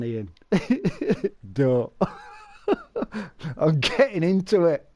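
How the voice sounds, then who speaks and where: A man live-streaming, chatting casually with viewers, rambling and laughing, with exaggerated shouted sound effects. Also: mid-range voice.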